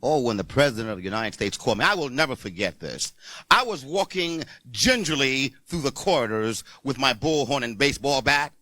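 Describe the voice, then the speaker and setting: A man guest telling stories in a booming, theatrical way, acting out the scenes he describes. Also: expressive, fairly quick, pushed and bright, dry recording. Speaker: studio guest, school principal. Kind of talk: animated storytelling.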